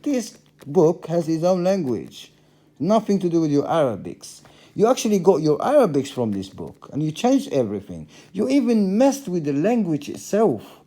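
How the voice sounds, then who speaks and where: A man's voice: on the high side, sing-song, moderate pace, dark tone. A middle-aged man giving a passionate monologue to camera, repeating phrases for emphasis. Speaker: religious vlogger.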